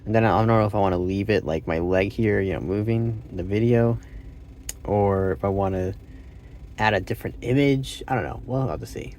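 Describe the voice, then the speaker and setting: A man's voice: on the low side, fairly quick, darkish tone, slight background noise. A man hosting a casual language-practice vlog, thinking aloud and hesitantly correcting himself. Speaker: channel host.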